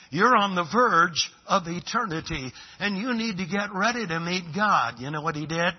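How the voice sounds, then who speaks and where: A male preacher delivering a revival sermon, telling stories and swinging between hushed lines and emphatic ones. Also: high-pitched, husky, muffled recording.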